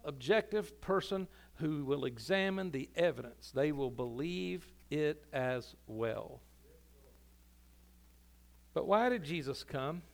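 High-voiced preaching pastor, man. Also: expressive, slow, gravelly. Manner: impassioned preaching, building to loud emphatic climaxes. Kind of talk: sermon. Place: church sanctuary.

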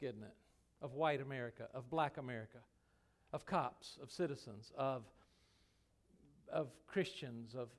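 Gravelly high-voiced man preaching. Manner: folksy, emphatic preaching with many restarts. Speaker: pastor. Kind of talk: sermon. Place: church sanctuary.

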